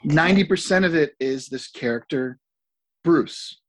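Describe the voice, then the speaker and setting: A man in casual podcast talk, halting and repeating words as he complains dryly about a movie. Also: fairly high pitch. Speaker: podcast co-host.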